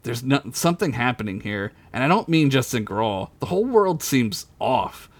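Soft-spoken, resolute young sorceress, read by a male storyteller; earnest, low-key delivery. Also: big pitch swings, moderate pace, no echo. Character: young woman wizard, troubled and resolute.

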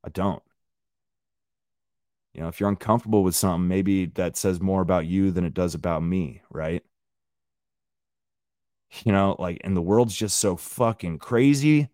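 A man's voice: low-pitched, normal speed, pauses often, a little mellow, no echo, clean studio sound. Profane, blunt male podcast ranter. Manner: conversational, addresses listeners directly. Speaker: podcast host. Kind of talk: solo ranting podcast monologue.

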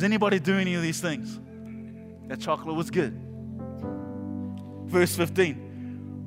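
A man preaching a sermon as pastor, animated and joking, with sudden shouts and quiet drops. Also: high-pitched, moderate pace, long pauses, big-room sound, over music. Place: church hall.

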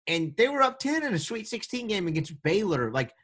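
Animated man co-hosting a sports podcast. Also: sits high. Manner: animated, joking, quick restarts. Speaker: podcast co-host. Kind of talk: casual sports podcast chat.

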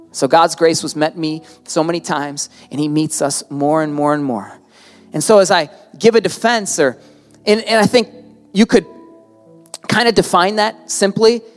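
A male preacher delivering a sermon in a lively storytelling manner, full of quotes and wordplay. His voice carries a long reverb from the church hall. Faint music sits underneath. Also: fairly high pitch. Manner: lively storytelling, quotes others, plays with words.

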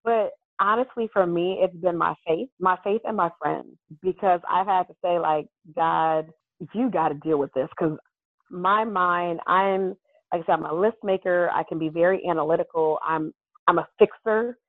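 A woman with a lowish voice is a guest on a podcast, candidly telling a personal story in an earnest, animated way that often breaks into laughter. She speaks at a moderate pace, with no room sound, over thin, phone-like call audio.

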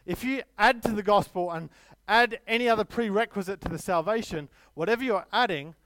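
A man's voice: high-pitched, fairly quick, fairly bright tone, no room sound. A man preaching a sermon, emphatic, with stories and light self-deprecating humor.

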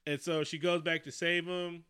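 Bright, clear-voiced man recapping a movie. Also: a little high, normal speed. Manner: animated, profane, jokey storytelling. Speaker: podcast co-host recapping a movie. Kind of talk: casual chat.

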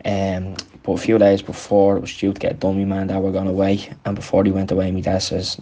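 A man's voice: deep voice, completely flat delivery, fast, few pauses, warm tone, a little hiss or hum. A young man telling stories casually, rambling with lots of ums. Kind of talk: casual storytelling chat.

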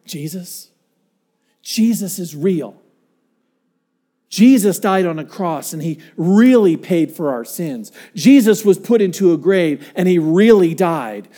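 A man preaching a sermon, earnest and dynamic, dropping to a hush and then rising to emphatic points as he tells stories. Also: sits high, animated, slow pace. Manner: dynamic, swinging from hushed to emphatic; earnest storytelling with acted-out quotes. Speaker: pastor.

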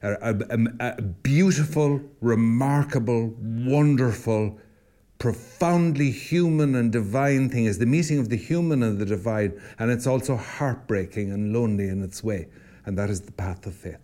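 A man's voice: medium pitch, normal speed, mellow. An Irish man, a priest co-hosting a podcast, telling stories in a reflective, conversational way with frequent restarts. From Ireland. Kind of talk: casual conversational podcast talk.

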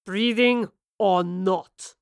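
A woman voicing a weathered, contemptuous male ship captain who speaks slowly and loudly, with mocking command. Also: mid-range voice, steady tone, clean tone, dry recording, clean studio sound, natural voice. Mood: stern, menacing. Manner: slow, loud, commanding and mocking.

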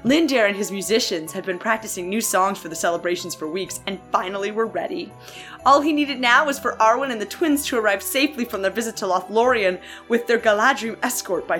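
A woman's voice: mid-range voice, expressive, moderate pace, fairly bright tone, soft background music. A woman co-hosting a podcast, reading fanfiction aloud with playful, mock-serious banter and frequent laughter. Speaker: podcast co-host.

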